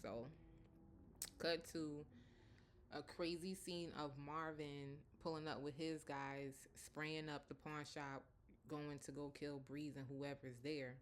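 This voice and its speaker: A woman's voice: deep voice, level tone, slow pace, slight background noise. A woman casually recapping a TV episode, chatty and often breaking into laughter. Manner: chatty, laughs often, lots of 'like' and 'you know'. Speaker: TV episode reviewer.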